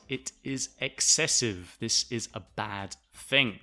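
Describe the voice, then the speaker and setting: A man from the south of England with a Southern English accent, explaining English vocabulary to learners in a clear, deliberate way. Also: medium pitch, very animated, bright, forceful tone. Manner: clear, deliberate, spells words out. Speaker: English teacher, podcast host.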